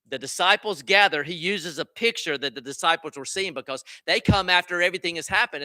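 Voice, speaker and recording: A man's fairly high, bright and forceful voice carries an earnest sermon, dry and close with no room around it. He preaches as a pastor and keeps checking in with his listeners through rhetorical questions. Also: no echo.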